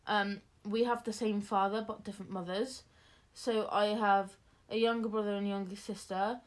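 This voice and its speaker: A young woman, chatting casually through a Q&A, rambling with lots of fillers and restarts. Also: medium pitch. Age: young adult. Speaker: vlogger. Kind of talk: casual Q&A chat.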